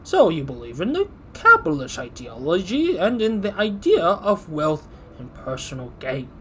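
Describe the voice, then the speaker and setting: A man voicing an old male country priest with a put-on country accent, speaking slowly and solemnly. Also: high-pitched, wildly swooping pitch, sharp tone, soft background music, pitched above the performer's own voice, heavily acted. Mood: preachy.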